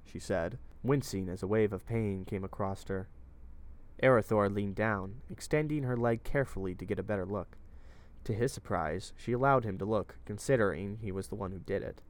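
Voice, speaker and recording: A man reading his own fantasy story aloud in steady, plain narration. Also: on the low side, moderate pace.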